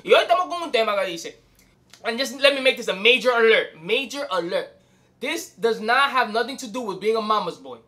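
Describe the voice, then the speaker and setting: A young man hosting his own channel, ranting casual advice to the camera in an animated, swearing way, switching between English and Spanish. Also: very high voice, a little fast. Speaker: host.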